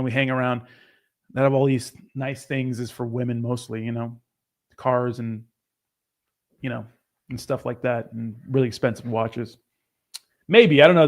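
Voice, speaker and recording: A young man hosting a crypto livestream who reads out viewer comments in casual, rambling, profane chat. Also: mid-range voice.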